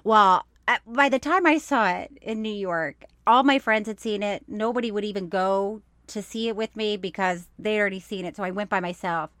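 A middle-aged woman co-hosting a casual chat, animated and self-deprecating as she tells stories and laughs at herself. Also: mid-range voice, moderate pace, hardly any pauses, no room sound. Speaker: podcast co-host.

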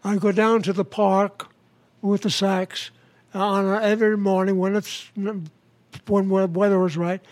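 A comedian in his nineties chats between jokes in a slow, unhurried way. His voice sits high and thin, and he chuckles through his own lines. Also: flat delivery, darkish tone. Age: 90s. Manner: slow, chuckling joke-teller with put-on dialects. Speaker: comedian guest. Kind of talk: joke telling in conversation.

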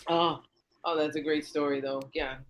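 Woman, 30s, comedian guest, lively storyteller who performs her own quotes loudly. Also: low-pitched, normal speed, rough recording. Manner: animated, acts out quotes in raised voice. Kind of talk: casual storytelling.

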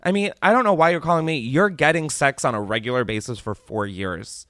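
A man hosting a podcast in casual chat, joking and animated, his voice jumping from loud squeals down to low mutters. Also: fairly quick, no room sound. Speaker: podcast host.

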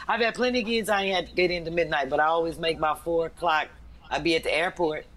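A woman's voice: low-pitched, fast, a bit bright. A woman who is a full-time comedian, talking bluntly and emphatically in a casual chat. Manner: blunt, emphatic, talks with conviction.

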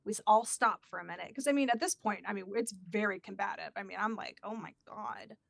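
A woman's voice: medium pitch, fast talker, gravelly, no echo, clean studio sound. A woman telling a personal story in a casual chat and acting out the voices of the people in it. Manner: animated, acts out quoted voices.

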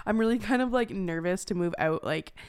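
A woman's voice: mid-range voice, brisk, a little mellow, smooth. Chatty woman podcast host. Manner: chatty, swears freely, drops to whispers for jokes. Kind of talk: casual chat.

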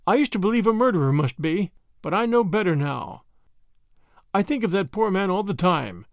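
A man's voice: high-pitched, lively intonation, normal speed, no room sound, clean studio sound. A man voicing a kindly but stubborn old grandmother who talks earnestly and frets, in a storybook reading. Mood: reflective.

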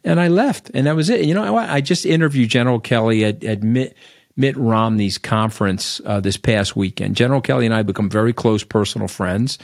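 A man's voice: medium pitch, brisk, creaky, no room sound, clean studio sound. Blunt Long Island man telling stories. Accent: Long Island New York. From Long Island, New York. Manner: blunt, rambling, tags lines with "okay?". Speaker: podcast guest. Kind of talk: casual storytelling interview.

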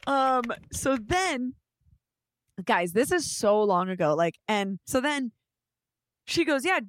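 A young adult woman casually telling an animated story, swearing offhand and acting out what people said. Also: a little high, slow pace. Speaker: guest storyteller.

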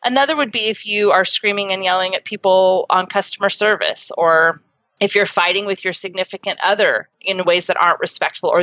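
Bright, forceful woman explaining earnestly. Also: mid-range voice, dry recording. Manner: earnest, teaching tone with lively examples. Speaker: guest, psychotherapist and author. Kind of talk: explanatory interview talk. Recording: dull lo-fi sound.

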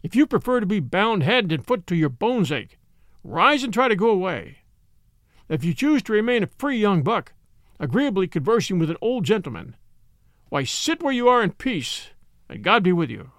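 A man's voice: sits high, very animated, moderate pace, a bit bright, no echo, studio quality. A man voicing a sly, sneering old nobleman who mocks his captive, with a harsh barking edge. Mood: menacing. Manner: leering, sudden harsh barking tone.

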